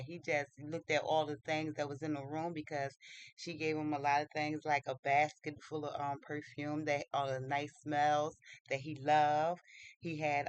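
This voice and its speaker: A storyteller retelling a fairy tale casually, halting, with many fillers, restarts and loose informal grammar. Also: mid-range voice, no room sound, rough recording.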